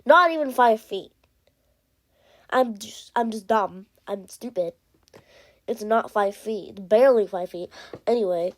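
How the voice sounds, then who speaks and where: Brief: woman gamer, slow unhurried chatter, heavy breathing, excitable and rambling, recorded on a tablet. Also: mid-range voice. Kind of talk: casual gameplay commentary. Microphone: iPad.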